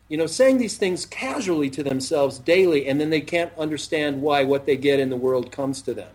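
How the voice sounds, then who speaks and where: Middle-aged male self-help host, husky, preachy, drags out key phrases for emphasis. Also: a little high, moderate pace, few pauses, darkish tone. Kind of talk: motivational talk-show chat.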